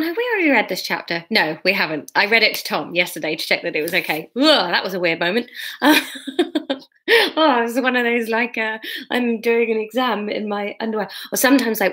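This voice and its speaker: A woman's voice: medium pitch, fairly bright tone. A woman reading a novel aloud, with chatty, self-mocking asides. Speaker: comedian reading her novel.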